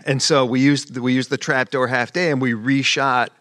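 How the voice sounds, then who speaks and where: A man producer on a panel, speaking haltingly with many restarts. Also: medium pitch, fairly even intonation, fairly bright tone, no room sound, studio quality. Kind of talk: panel conversation.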